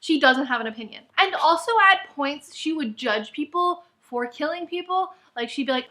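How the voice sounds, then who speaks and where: A woman's voice: sits high, animated, moderate pace, few pauses, sharp tone. A woman ranting in a book review vlog, exasperated and full of "like.". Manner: exasperated, heavy use of "like".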